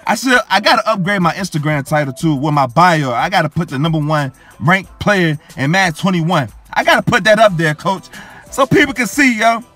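A man's voice: a little high, very animated, normal speed, sharp tone, faint music behind. A young man giving hyped, boastful gameplay commentary, repeating his catchphrases over and over. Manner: hyped, boastful, repeats phrases ending in "coach" and "yo". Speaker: gaming YouTuber.

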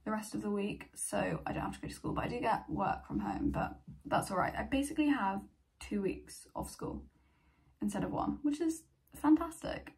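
A teenage girl chatting excitedly in a casual vlog from her bedroom. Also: medium pitch, brisk, gravelly. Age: teens. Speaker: vlogger. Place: bedroom at home.

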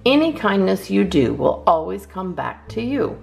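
A woman voicing a wise father bear in a storybook, calmly explaining a lesson. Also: mid-range voice, moderate pace, gravelly, soft background music. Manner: calm, explaining.

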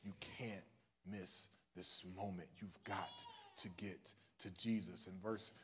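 A male minister preaching a livestreamed sermon in a casual, joking way, swinging from soft asides to loud, high cries. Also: steady tone, takes it slowly, background noise. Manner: casual and joking between points.

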